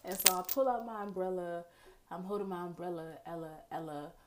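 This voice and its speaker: A young woman vlogger telling a casual storytime to her viewers, animated and chatty, talking to them directly and acting out her own thoughts. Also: fairly low pitch, brisk, slight background noise. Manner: dramatic asides and quoted self-talk. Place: indoors at home, near a window with rain outside.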